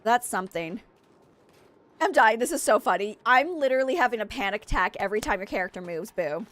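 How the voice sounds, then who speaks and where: A young woman streaming a game, frantic and excitable, laughing at her own stress. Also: mid-range voice, fast. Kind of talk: gameplay commentary.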